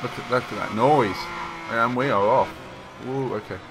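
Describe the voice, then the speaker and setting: A man casually commentating his own racing game play, excitable, joking and rambling. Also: mid-range voice, normal speed, background noise. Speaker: games journalist playing and commenting.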